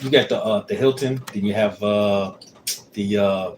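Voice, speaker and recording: A man's voice: fairly low pitch, normal speed, a little hiss or hum. A man chatting casually with his wife on a livestream, rambling and searching for words with many fillers. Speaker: co-host, husband.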